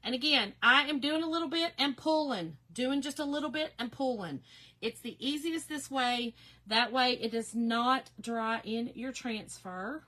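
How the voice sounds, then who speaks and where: A woman chats with her viewers while she crafts, her voice slightly nasal and bright. She speaks in a fairly high register with a chatty, heartfelt manner. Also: measured pace. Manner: chatty, emotional, reads viewer comments aloud. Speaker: craft livestream host. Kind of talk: casual livestream chat.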